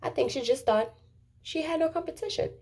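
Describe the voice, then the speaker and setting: A woman vlogger giving sassy, animated opinion commentary to the camera in a casual way. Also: high voice, a little fast, gravelly. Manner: sassy, animated, talks back to the subject. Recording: roomy echo with faint background noise.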